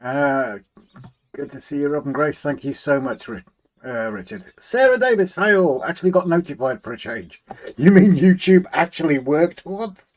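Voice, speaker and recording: A man's voice: a little high, lively intonation, moderate pace. Guy on a live stream, reading out chat and saying hi to everyone, hums little tunes while he tinkers. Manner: chatty, greets viewers warmly by name, hums to himself while working. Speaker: livestream host. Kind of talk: casual live chat, reading out viewer comments.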